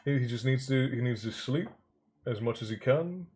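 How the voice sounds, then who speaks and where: A man's voice: mid-range voice, expressive, moderate pace, slight background noise. Chatty man reading on a stream. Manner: rambling, chatty, greets viewers warmly by name. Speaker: livestream storyteller and host. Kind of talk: casual livestream chat and book reading.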